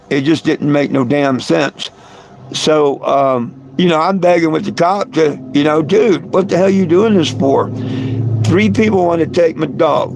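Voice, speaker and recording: This stream host's voice is on the high side and creaky. He rambles through a long, casual story for viewers, repeating words and chuckling between lines.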